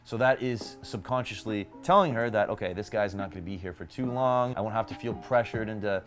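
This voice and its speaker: A man's voice: lowish voice, a little fast, faint music behind. A young man speaking straight to the camera, coaching male viewers on dating with emphatic, direct tips. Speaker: dating advice youtuber. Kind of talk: direct-to-camera advice vlog.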